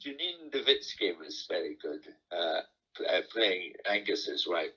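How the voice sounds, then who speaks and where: An older Scottish man chats as a podcast guest, mostly answering in short, agreeing replies. His voice sounds bright and forward, with a husky, slightly breathy grain. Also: low voice, very animated, a little slow, lo-fi sound. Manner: brief, warm agreeing replies. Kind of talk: casual chat.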